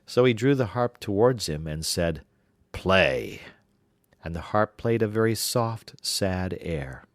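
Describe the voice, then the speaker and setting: A man with a very low voice narrates a fairy tale in an even, measured way. The recording is close and completely dry, with no room sound. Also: no room sound.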